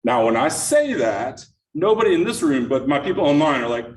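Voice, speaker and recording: A man's voice: medium pitch, very animated, brisk. A middle-aged man giving an interactive productivity workshop, engaging the room with frequent questions to the audience, speaking in a meeting room before a live audience. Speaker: workshop presenter. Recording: echoey room, distant mic, faint noise.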